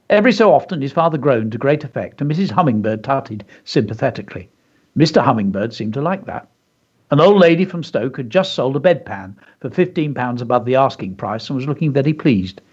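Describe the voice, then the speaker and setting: Husky man reading a kids' story. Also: mid-range voice. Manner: enthusiastic storyteller, chatty asides. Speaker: teacher and radio show host. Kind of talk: reading a children's story aloud and teaching. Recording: dull lo-fi radio audio.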